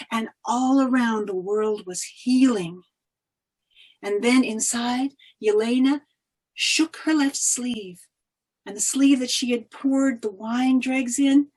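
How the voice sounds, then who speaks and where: A woman storyteller tells a folk tale over a video call, her voice husky and a touch high. She drops to a near hush and swells again for drama. The telling is expressive and unhurried. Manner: expressive, dramatic swings of loudness.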